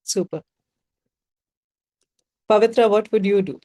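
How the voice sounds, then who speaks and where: A woman's voice: medium pitch, unhurried, mellow. A woman with a Bengali-inflected Indian English accent, leading a group workshop as facilitator and working through ideas with rhetorical questions.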